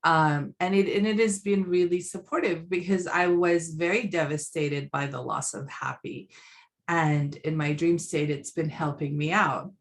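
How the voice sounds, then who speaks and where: A woman's voice: sits low, fairly even intonation, a little slow. A woman hosting a podcast, talking in a reflective, conversational way with many fillers. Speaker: podcast host.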